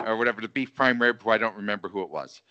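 Bright-voiced rambling man, lo-fi sound. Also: lowish voice, racing, clean tone. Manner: rambling, stumbles over words. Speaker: podcast co-host. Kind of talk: casual chat. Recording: dull lo-fi mic.

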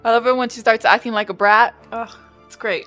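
A woman's voice: on the high side, fairly even intonation, a little fast, a bit bright, faint music behind. Playful, giggly podcast woman. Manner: playful, laughs often, uses like and um. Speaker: podcast co-host. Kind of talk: casual fan chat.

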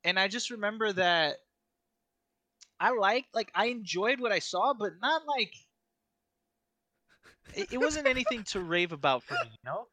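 A man's voice: high-pitched, expressive, moderate pace, pauses often, bright, forceful tone, no echo. A man chatting casually on a podcast, teasing his friends in an easygoing way. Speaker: podcast co-host. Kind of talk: casual chat.

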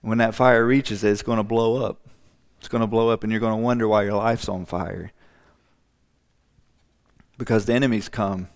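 A male pastor delivers a sermon in a smooth, resonant voice. He hammers points home through repetition and slips into acted-out voices to illustrate them. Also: lowish voice, fairly even intonation, moderate pace, pauses often. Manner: emphatic repetition, acts out voices.

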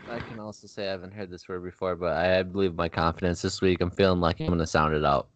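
A man's voice: low-pitched, steady tone, fast, dry recording. A man on a podcast making short, blunt, emphatic remarks during casual banter.

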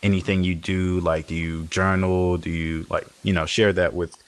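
A man interviewing a guest, asking gentle probing questions. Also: sits low, flat delivery, normal speed. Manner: brief encouraging responses, gentle probing questions.

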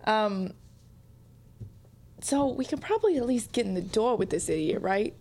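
A woman's voice: medium pitch, animated, normal speed, darkish tone, a little hiss or hum. A woman playing a tabletop game, blunt and sarcastic in her remarks. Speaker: player. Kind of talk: casual tabletop role-play.

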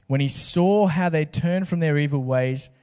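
A man's voice: fairly high pitch, normal speed, darkish tone, clean tone, big-room sound. Casual preacher man. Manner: casual, jokey preaching with slang asides. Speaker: pastor. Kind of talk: sermon.

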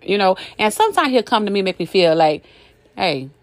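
A woman's voice: medium pitch, very animated, quick pace, dry recording. An older woman giving a casual inspirational talk, folksy, repetitive and emphatic, often laughing. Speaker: motivational speaker.

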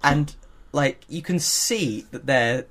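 A man's voice: mid-range voice, slow pace. Chatty man telling a story. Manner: animated storytelling, many fillers and laughs. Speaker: podcast co-host. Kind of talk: casual chat.

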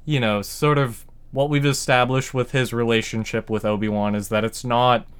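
Smooth-voiced man, laid-back podcast co-host. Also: medium pitch, fairly even intonation, normal speed. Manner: laid-back, agreeable, hedging with fillers and swearing. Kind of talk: casual chat recapping a TV episode.

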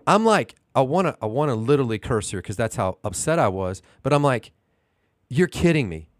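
A man's voice: mid-range voice, sing-song, fairly quick, dry recording. A man in his thirties co-hosting a casual podcast, telling a long, indignant story full of rhetorical questions. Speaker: podcast co-host.

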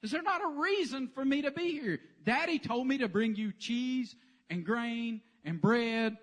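A man voicing an eager, nosy young shepherd boy who pesters with excited questions. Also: very high-pitched, measured pace, voice pushed up, full character voice. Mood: indignant.

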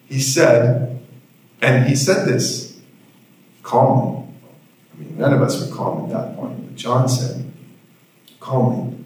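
A man's voice: mid-range voice, big pitch swings, slow pace, pauses often, darkish tone. A male pastor preaching a sermon, telling a story with dry humor, recorded in a church hall. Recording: heavy room echo.

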